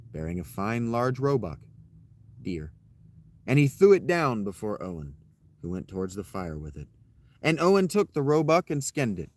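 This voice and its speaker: A man reading an old tale aloud and breaking off for irreverent, swearing asides. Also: fairly low pitch. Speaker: storyteller.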